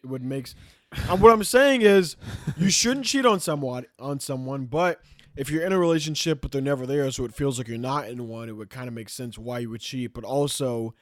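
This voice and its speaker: A man co-hosting a comedy podcast, joking in quick casual banter. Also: mid-range voice, fairly bright tone, no echo, clean studio sound. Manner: rapid, joking. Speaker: podcast co-host.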